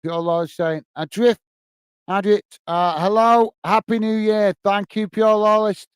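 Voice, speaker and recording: Man, live-stream host, casual chat, says mate a lot, resonant tone, high-pitched. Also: steady tone, unhurried, clear, resonant tone, dry recording. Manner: casual, says "mate" often, many fillers and restarts. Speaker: football channel host. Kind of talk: live-stream chat, reading out viewer comments.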